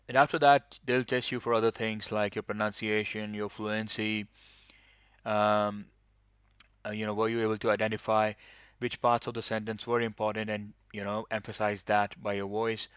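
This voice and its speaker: A man's voice: lowish voice, little pitch movement, normal speed, a bit bright, clear, resonant tone, dry recording, studio quality. A man teaching an English speaking-test lesson, explaining patiently with many fillers. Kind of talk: online lesson.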